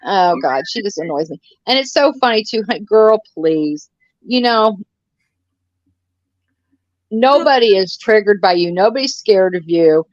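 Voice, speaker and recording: A woman's voice: medium pitch, lively intonation, normal speed, long pauses, no room sound, lo-fi sound. Blunt, profane woman in her sixties. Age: 60s. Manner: blunt and profane, ranting with sarcasm. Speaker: co-host of a live commentary stream. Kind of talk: casual live-stream chat.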